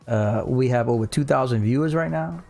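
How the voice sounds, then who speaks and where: A laid-back man from South Louisiana with a clear Cajun accent, talking loosely to his livestream viewers from home. His mid-pitched voice carries a gravelly, creaky edge, and faint music plays underneath. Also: normal speed, a little mellow. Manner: laid-back, reads chat aloud, drawls "y'all". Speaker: livestream host. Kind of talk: casual livestream chat. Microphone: studio mic on a boom.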